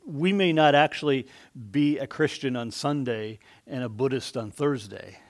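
A man preaching a conversational sermon, rising for emphasis and dropping soft. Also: medium pitch, moderate pace. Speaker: pastor.

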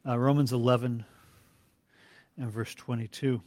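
A man's voice: mid-range voice, fairly even intonation, a little mellow, no room sound. Earnest male Bible teacher, dry sound. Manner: deliberate, reads scripture aloud, quizzes the class. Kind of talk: classroom Bible lecture.

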